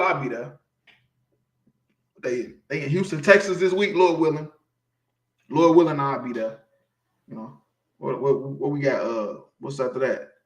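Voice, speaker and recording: Heard in an echoey room, a man with a mid-range voice preaches scripture on the street in an informal, emphatic style. Over and over he asks his listeners "you feel me."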